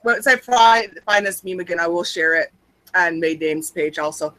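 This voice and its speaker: A woman's voice: lowish voice, moderate pace, sharp tone, dry recording, poor audio. A young adult woman co-hosting a podcast, chatting casually in a rambling, wry, self-mocking way. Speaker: podcast co-host. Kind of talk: casual chat.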